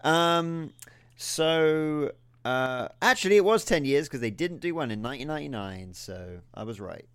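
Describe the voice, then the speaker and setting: A man's voice: on the high side, lively intonation, moderate pace, clean tone. A British man co-hosting a podcast, chatting casually and rambling with lots of fillers and restarts. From United Kingdom. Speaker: podcast co-host. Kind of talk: casual chat.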